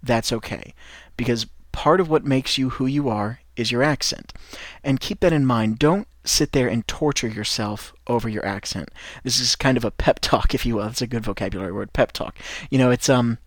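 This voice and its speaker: A man's voice: medium pitch, moderate pace, dry recording, studio quality. An American man with a Midwestern accent giving an encouraging, rambling podcast lesson to French learners of English. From United States. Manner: encouraging, rambling, with frequent restarts. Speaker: English teacher and podcast host.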